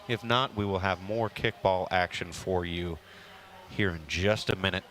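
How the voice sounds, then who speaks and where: Low-voiced joking play-by-play man. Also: normal speed, a bit bright. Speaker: play-by-play commentator. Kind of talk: casual sports commentary.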